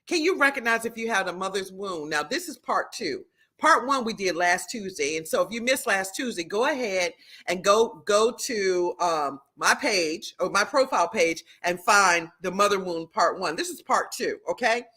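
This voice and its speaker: A middle-aged woman hosting a live stream, teaching and greeting viewers by name in an animated, preacherly way. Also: medium pitch, moderate pace. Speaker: livestream host and prophetess.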